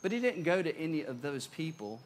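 Animated man preaching. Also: on the high side, fairly quick. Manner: animated, conversational, repeats words. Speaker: pastor. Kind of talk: sermon.

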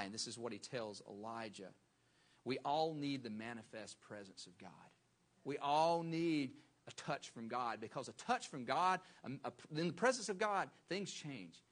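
A man's voice: mid-range voice, expressive, moderate pace, fairly bright tone. Emphatic male pastor preaching. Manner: emphatic, repeats phrases for stress. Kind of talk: sermon.

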